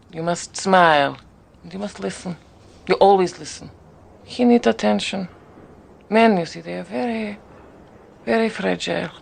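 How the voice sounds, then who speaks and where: An actress playing a glamorous, opportunistic Russian émigré woman with a Russian accent, giving slow, knowing advice with lingering emphasis. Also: lowish voice, vocal fry, a little mellow, full character voice.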